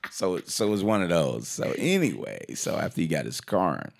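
Low gravelly guy rambling through a movie recap, doing little voices as he goes. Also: normal speed. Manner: rambling, animated retelling with acted quotes and restarts. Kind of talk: casual movie recap chat.

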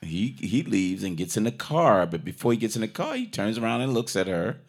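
A man with a very deep, gravelly voice that still swings widely up and down as he talks. He recaps a story in loose, casual chat. He swears freely and keeps dropping into little acted-out quotes. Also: big pitch swings, fairly quick.

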